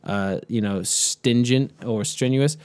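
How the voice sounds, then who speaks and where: A young man co-hosting a podcast, easygoing and teasing, quick to laugh in casual chat. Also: mid-range voice, a little mellow, clean tone, dry recording. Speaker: podcast co-host.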